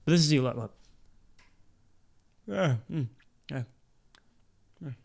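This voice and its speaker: A man's voice: on the high side, lively intonation, slow pace, creaky, darkish tone. A man hosting a solo podcast in a rambling, playful and profane style, often restarting his sentences. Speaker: podcast host. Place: indoor studio set with black background.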